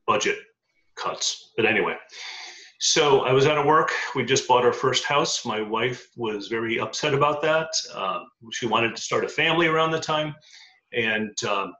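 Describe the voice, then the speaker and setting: A man's voice: medium pitch, sharp tone. A middle-aged man telling his life story in an interview, with many ums and uhs. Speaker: interview guest. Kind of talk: casual storytelling. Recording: dull lo-fi audio in echoey room.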